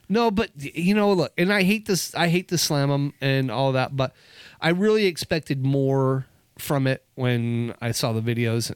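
A man's voice: medium pitch, smooth, no room sound, studio quality. A man co-hosting a podcast, chatting casually and hesitantly with many restarts, and reading a sponsor spot. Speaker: podcast co-host. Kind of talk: casual chat and sponsor read.

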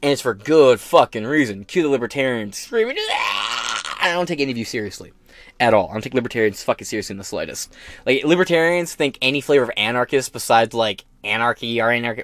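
A podcast host with a medium-pitched voice speaks quickly in a crude political rant, brash and sarcastic, swearing constantly. There's no echo.

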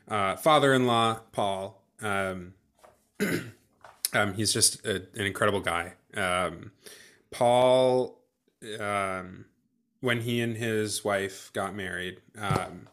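A young man guest in a casual interview, his voice lowish but bright and forward in tone. He talks hesitantly and good-naturedly, often pausing to find his words. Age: young adult. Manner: hesitant, full of ums and restarts, good-humored. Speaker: guest, new father.

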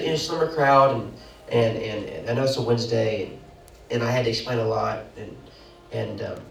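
A man's voice: creaky, a little hiss or hum. Man preaching animatedly in a roomy church. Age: young adult. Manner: animated preaching with sudden loud high bursts and quick asides. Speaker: pastor. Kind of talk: sermon. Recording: roomy echo, mic at a distance.

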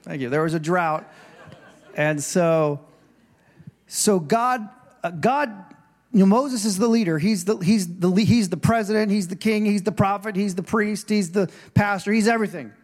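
A man's voice: sits high, normal speed. A male pastor preaching a sermon in a church, conversational and digressive, with restarts, and acting out scripture voices with rising emphasis.

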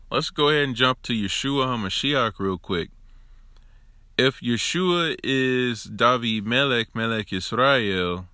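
A man's voice: fairly low pitch, sharp tone, clear, resonant tone, no echo, studio quality. A man giving an informal Torah teaching alone into his own recording device, conversational and emphatic, with joking asides. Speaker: religious teacher.

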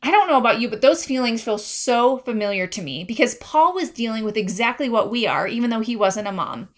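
A woman's voice: fairly high pitch, lively intonation, fairly quick. A woman in her thirties hosting a faith-based parenting podcast, talking in an earnest, confiding way and reading scripture aloud. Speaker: podcast host.

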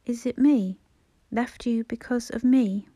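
Elderly stroke-hit mother, halting speech, higher voice, put on by a woman reader; storybook. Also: mellow, dry recording. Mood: tearful. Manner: slow, halting, short broken phrases.

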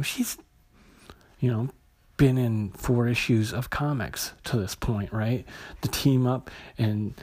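A man's voice: medium pitch, darkish tone, husky. A man casually retelling and reviewing a comic book issue, hesitant, with many fillers and restarts.

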